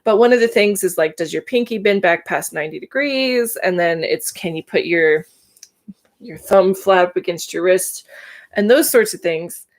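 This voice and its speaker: A woman's voice: lowish voice, normal speed. A woman, telling her own story candidly and with emotion on a casual livestream. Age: 30s. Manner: candid, emotional, laughs between thoughts. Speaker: livestream host.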